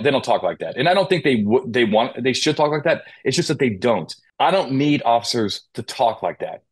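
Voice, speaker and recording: A man's voice: mid-range voice, breathy edge. A man on a police podcast who explains legal points with rhetorical questions and acted-out quotes. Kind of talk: conversational interview. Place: Las Vegas.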